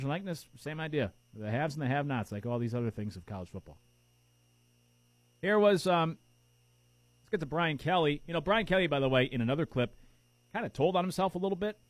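A man's voice: mid-range voice, no room sound. Chatty male sports talk host. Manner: chatty, opinionated, rhetorical questions.

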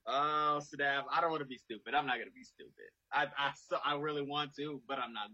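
A man's voice: mid-range voice, fairly quick, pushed and bright, no echo, muffled recording. A man on a video call from home, playful and dramatic while joining a casual sports chat. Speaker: panelist.

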